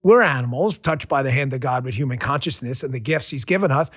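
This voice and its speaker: A man's voice: medium pitch, expressive, fast. A middle-aged man from New York hosting a podcast, talking in a loose, joking way with rambling asides. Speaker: podcast host. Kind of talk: casual political podcast talk.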